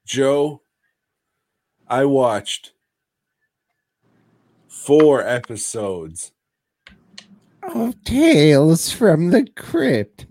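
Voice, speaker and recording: A man's voice: a little high, very animated, very slow, long pauses, darkish tone, dry recording. A man co-hosting a podcast, casually and profanely retelling a horror episode with jokes. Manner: profane, jokey storytelling. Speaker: podcast co-host.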